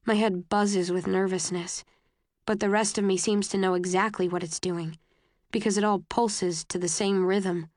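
Soft-spoken woman narrating a novel. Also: medium pitch, fairly even intonation, no echo, studio quality. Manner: slow, soft, intimate reading.

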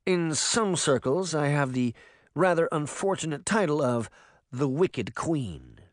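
A man's voice: on the high side, very animated, a little slow, no echo, pitched above the performer's own voice. A man reading aloud gives voice to a haughty sorceress queen, raised well above his own register. She speaks with cool, clipped command, and the reading sounds close and dry. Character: icy, imperious female sorceress, a former queen. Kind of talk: audiobook character reading.

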